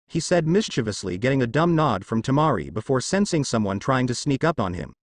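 Man narrating a story with lively pitch. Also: fairly quick, hardly any pauses, no echo, studio quality. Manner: steady storytelling read. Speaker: fanfiction narrator.

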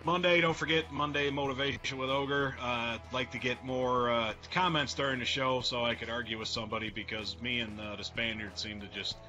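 Bright-voiced joking man. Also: medium pitch, steady tone, a little fast, few pauses, soft background music, rough recording. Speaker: co-host. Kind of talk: casual roundtable radio chat.

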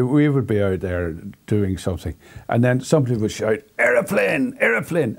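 An older former rugby player telling amused anecdotes in an interview. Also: male voice, mid-range voice, warm tone, slightly rough. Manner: amused storytelling, chuckling.

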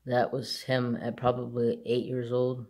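Slow, gravelly man chatting casually. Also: mid-range voice, completely flat delivery, darkish tone. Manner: rambling, unhurried storytelling. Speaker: crafts channel host. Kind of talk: casual chat.

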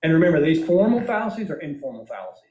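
A man's voice: fairly high pitch, sing-song, racing, mellow. Man lecturing with many rhetorical questions. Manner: emphatic, full of rhetorical questions. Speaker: philosophy lecturer. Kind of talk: informal classroom lecture. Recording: echoey room.

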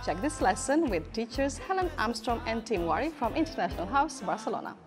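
A female magazine-show host links between segments in a friendly, upbeat way. Her pitch is fairly high and moves a lot, and music plays clearly behind her. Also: sing-song, fairly quick. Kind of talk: casual interview and links.

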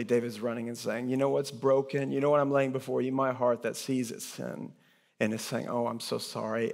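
A man preaches a sermon with earnest conviction, dropping to hushed lines and then rising in emphasis. His voice sits at an ordinary pitch for a man. It carries a long, lingering reverb from a church sanctuary. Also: vocal fry. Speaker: pastor.

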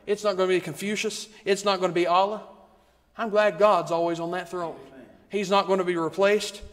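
Male preacher, high voice, rhythmic repeated refrains, long church reverb. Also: flat delivery, fairly quick. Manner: rhythmic, repetitive preaching with rising emphasis. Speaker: guest preacher. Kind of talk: sermon. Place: church sanctuary.

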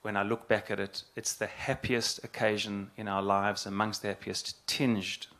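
A middle-aged man, a rabbi, giving an earnest, halting spoken address and repeating phrases for emphasis. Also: fairly low pitch, level tone, a bit bright.

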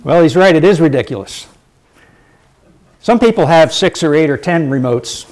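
A middle-aged man giving a public lecture, lively and emphatic, repeating his key points for effect. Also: on the high side, normal speed.

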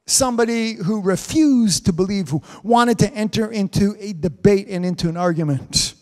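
A man's voice: high voice, normal speed, hardly any pauses, a little mellow. A man preaching a live-streamed sermon, fervent and punctuated with amens and hallelujahs. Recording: reverberant hall sound.

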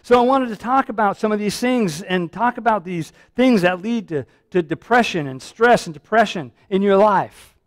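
A man delivers a sermon as pastor in a high voice. He speaks earnestly, repeating himself and restarting phrases. The sound is dry and close, with no room echo. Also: expressive, moderate pace, few pauses. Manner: earnest, repetitive, frequent restarts and fillers.

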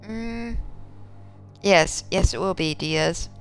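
Brief: woman game streamer, low-ish voice, playful and teasing, relaxed chat with viewers. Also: moderate pace, faint music behind. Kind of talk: casual live-stream chat answering viewers.

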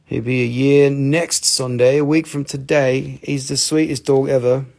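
A man hosts a live mineral sale, chatting in a folksy, rambling way and making fun of himself. His voice has a gravelly edge at an ordinary middle pitch. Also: fairly even intonation, moderate pace, a little mellow. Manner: folksy, rambling, self-joking. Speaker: host of a live mineral sales show. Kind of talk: casual live selling chat.

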